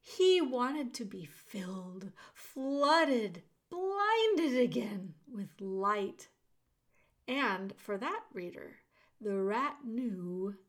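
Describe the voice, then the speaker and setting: A woman narrating a children's audiobook, talking straight to the listener with expressive storyteller pacing. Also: mid-range voice, very slow. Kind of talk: audiobook reading of a children's novel.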